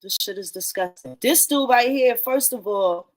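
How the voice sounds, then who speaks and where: Woman going off on a live talk room, kinda high voice, cussing a lot, blunt and loud about it. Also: moderate pace. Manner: blunt, animated, swears often, talks to listeners as y'all. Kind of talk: casual profane commentary.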